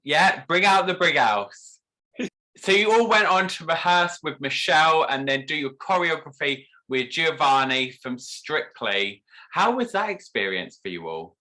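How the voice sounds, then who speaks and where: A man's voice: a little high, animated, measured pace, sharp tone. A man hosting a casual interview, playful and teasing with his guest. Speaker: host.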